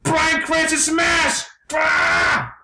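A man's voice: extremely high pitch, monotone, extremely slow, reverberant, very noisy, pitched above the performer's own voice, heavily acted. A man doing a raging cursing celebrity actor. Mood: screaming. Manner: explosive, profane yelling. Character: furious ranting male celebrity actor, impression.

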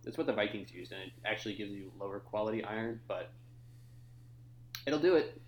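A man's voice: on the low side, lively intonation, brisk, reverberant, a little hiss or hum, low-quality recording. A young man co-hosting a casual movie review podcast, who talks loosely, swears freely and laughs often. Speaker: podcast co-host.

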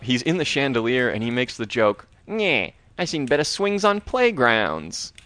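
A man co-hosting a podcast, casually retelling a horror episode with lively, acted-out quotes. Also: medium pitch. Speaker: podcast co-host. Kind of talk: casual recap chat.

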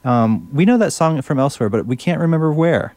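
A man's voice: on the high side, expressive, fairly quick, a little mellow, no room sound. A male radio host chatting casually between songs, enthusiastic and fumbling a little over French words.

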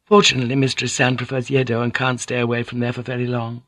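A man voicing a kind, anxious young noble wife who speaks softly and earnestly. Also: medium pitch, completely flat delivery, fast, no room sound, studio quality, lightly acted. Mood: confiding.

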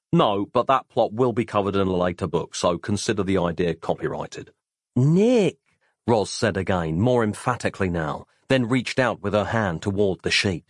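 A man reads an audiobook in an animated, playful manner. His lowish voice swings widely in pitch. The recording is dry and close. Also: no echo. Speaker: audiobook narrator. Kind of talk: scripted narration.

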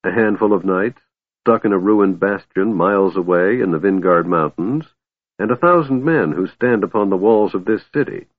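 A man's voice: low voice, moderate pace, no room sound. A man voicing a weary, bitter young elf woman commander, sighing through her lines. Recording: tinny phone-like line, dry.

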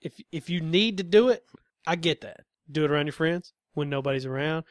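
A man co-hosting a casual podcast chat, speaking in a measured, hedging way, laughing along and swearing casually. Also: on the high side, dry recording, clean studio sound. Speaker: podcast co-host.

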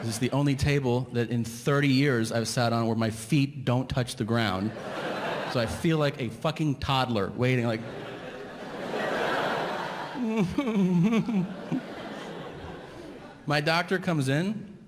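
A man's voice: mid-range voice, slow pace, pauses often, noisy background. A middle-aged man telling a stand-up comedy story, ranting and acting out both sides of the dialogue. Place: large theater stage. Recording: live venue reverb with crowd. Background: audience laughter.

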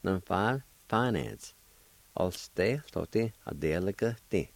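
A man hosting a radio language lesson, spelling out words and repeating each syllable deliberately. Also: fairly low pitch, animated, gravelly, no room sound. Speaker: language teacher and radio host.

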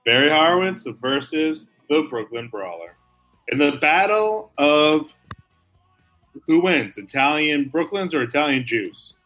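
Male podcast co-host, slightly high and bright-toned, excitable, laughs a lot. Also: soft background music. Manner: excitable, laughs often, quick asides. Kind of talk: casual podcast chat about wrestling.

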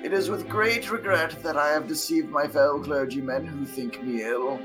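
A man's voice: a little high, normal speed, music in the background, voice pushed up, natural voice, low-quality recording. A man voicing an elderly, pious male priest who reads his own journal in a formal, reverent old-man voice. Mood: solemn.

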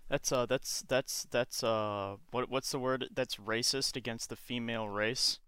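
A man's voice: mid-range voice, steady tone, measured pace, bright, forceful tone, clean tone, dry recording, studio quality. A young man hosting a casual podcast chat, joking and ironic, often laughing. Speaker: podcast host.

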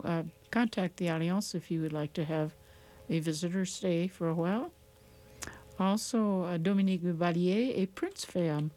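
Low, mellow-voiced woman radio co-host. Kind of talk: reading community announcements. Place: radio studio.

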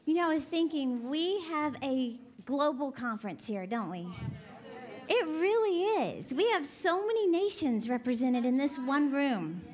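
High-voiced woman preaching. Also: very animated, unhurried, darkish tone. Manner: chatty, jokey, laughs often, then earnest. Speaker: conference speaker and minister. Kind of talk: sermon to a women's conference. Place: conference session hall.

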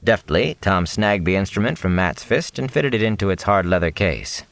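A man reads a novel aloud in a very deep voice, swinging his pitch widely as he tells the story. The sound is dry and close, with no room around it. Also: lively intonation, moderate pace, fairly bright tone, no echo. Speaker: audiobook narrator. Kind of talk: scripted narration.

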